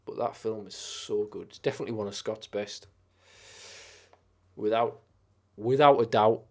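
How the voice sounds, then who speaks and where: A man with a lowish voice talks loosely on a live stream and rambles from one film to the next. He swears freely and gets carried away with enthusiasm. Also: steady tone, normal speed, a little mellow. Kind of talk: casual live-stream chat.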